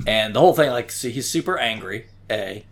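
A man's voice: mid-range voice, lively intonation, brisk, fairly bright tone. Rambling man in casual chat. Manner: rambling, frequent "right?" tags.

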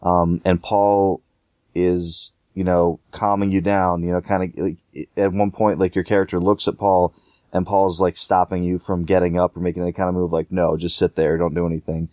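Deep-voiced man chatting casually about games. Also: level tone, moderate pace, darkish tone, no room sound, studio quality. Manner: rambling, many fillers and restarts. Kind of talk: casual gaming discussion.

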